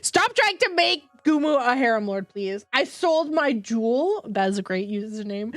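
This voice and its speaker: A woman's voice: fairly high pitch, very animated, moderate pace, hardly any pauses, no room sound, clean studio sound. A congested woman chatting casually with her live-stream audience, bubbly and rambling, laughing often.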